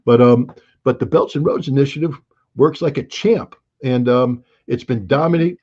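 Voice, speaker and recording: A man in his sixties giving an interview, with an animated, sarcastic delivery and frequent restarts. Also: mid-range voice, normal speed. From United States. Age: 60s. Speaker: interview guest. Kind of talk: opinionated interview talk. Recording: dull lo-fi recording.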